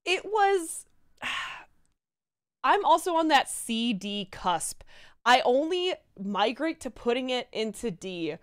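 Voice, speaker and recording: Lively-voiced woman chatting on a review panel. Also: high voice, takes it slowly. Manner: animated, frequent fillers and laughs. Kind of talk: casual group discussion.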